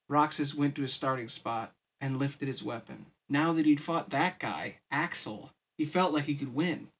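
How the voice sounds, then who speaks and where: A man's voice: mid-range voice, normal speed, few pauses, fairly bright tone, husky. A tired man reading a novel aloud for his podcast, with casual, weary asides. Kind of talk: audiobook-style story reading.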